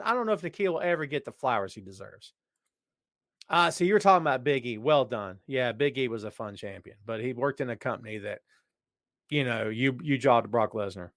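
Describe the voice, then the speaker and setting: A man hosting a podcast and answering listener questions in casual, rambling chat that jumps to loud excitement. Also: medium pitch, fairly quick, no room sound, clean studio sound. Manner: animated, jumps to shouting when excited; rambling, frequent restarts.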